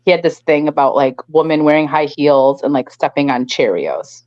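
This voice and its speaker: A woman's voice: sits low, expressive, normal speed, a little mellow, dry recording, lo-fi sound. Giggly woman with an upstate New York accent. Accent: rural upstate New York. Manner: giggly, chatty, laughs between sentences. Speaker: guest. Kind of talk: casual interview chat.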